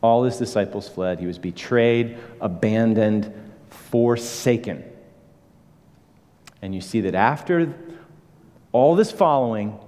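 A man preaching a sermon as pastor, earnest, moving from hushed passages to emphatic ones. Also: lowish voice, lively intonation, slow, long pauses. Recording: echoey hall reverb.

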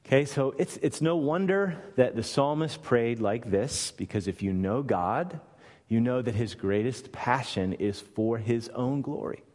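A man's voice: mid-range voice, animated, a little slow, a little mellow, long reverb tail. A man preaching a sermon, emphatic and full of rhetorical questions to his listeners.

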